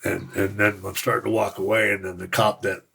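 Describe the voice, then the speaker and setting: A man from Utah, a podcast guest, telling his stories in a frank, rambling, casual way with a gravelly, raspy voice. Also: lowish voice, little pitch movement, brisk, fairly bright tone. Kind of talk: casual storytelling.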